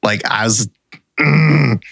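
A man in casual podcast chat, telling animated stories, swearing freely and laughing often. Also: medium pitch, slow, gravelly.

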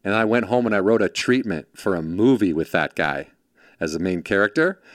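Animated storyteller man, dry close sound. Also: fairly low pitch, a little fast, no room sound. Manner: animated, acts out quoted voices, swears freely. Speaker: podcast guest, former production assistant. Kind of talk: casual storytelling chat.

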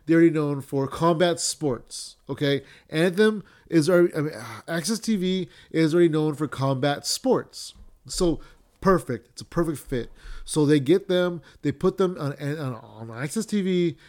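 A man's voice: a little high, a little mellow. A young man hosting a wrestling podcast, ranting casually with lots of swearing, fillers and restarts.

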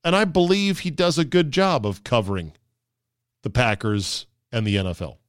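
A podcast host delivers a sarcastic, casual monologue, now and then slipping into mocking voices. His mid-range male voice is clear and resonant at a moderate pace, recorded at studio quality with no echo.

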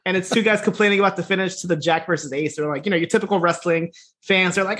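This podcast co-host is a man with a high voice and a quick pace. Casual and profane, he recaps a wrestling series, laughing along and acting out what the characters say in animated voices.

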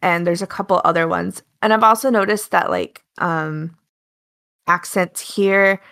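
Gravelly-voiced chatty American woman. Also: lowish voice, steady tone, unhurried. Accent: Pacific Northwest American. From Alaska, United States. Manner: talkative, storytelling, says she is loud. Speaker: podcast co-host. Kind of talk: casual chat.

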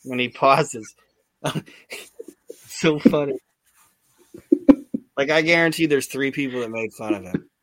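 A man's voice: mid-range voice, takes it slowly, pauses often, a bit bright, no room sound. Rambling man recapping wrestling. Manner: rambling, lots of "like" and restarts. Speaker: podcast host. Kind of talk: casual recap chat.

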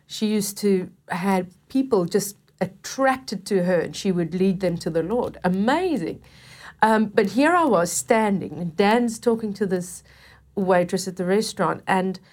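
A woman telling a personal faith testimony in a casual conversation, animated and self-deprecating, laughing often. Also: medium pitch, measured pace. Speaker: Christian talk-show participant.

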